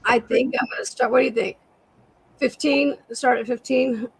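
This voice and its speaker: A woman with a raspy voice, a guest seller chatting casually on a live sale and describing jewelry pieces. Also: a little high, steady tone, moderate pace, no room sound, low-quality recording.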